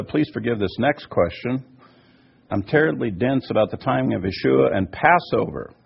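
A man's voice: lowish voice, gravelly, husky. A man teaching from scripture and answering listener questions, emphatic and fond of asides. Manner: emphatic, repeats "by the way". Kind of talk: teaching talk. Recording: muffled lo-fi recording.

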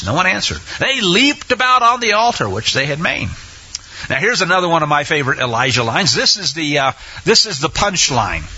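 Animated high-voiced male preacher, lo-fi. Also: slightly rough. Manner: animated, colloquial, acts out quotes with shouts. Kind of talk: sermon retelling scripture. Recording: dull lo-fi recording.

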